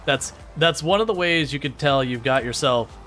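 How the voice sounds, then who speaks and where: A man streams a farming game and chats easily with his viewers. His voice is bright and forward, and he jokes, laughs and restarts his sentences as he goes. Faint game music hums in the background. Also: medium pitch, expressive, normal speed. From Michigan, United States. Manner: chatty, joking, laughs often, many restarts. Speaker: gaming streamer. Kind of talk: casual live-stream chat with viewers.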